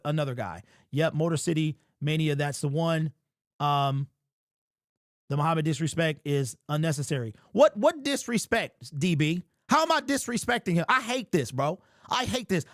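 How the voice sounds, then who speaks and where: A high-pitched man hosts a fan sports talk stream and reads chat aloud, ranting in an animated and exasperated way. His voice is quite high for a man, and the sound is close and dry, with no room echo. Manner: animated, exasperated ranting, keeps saying "bro".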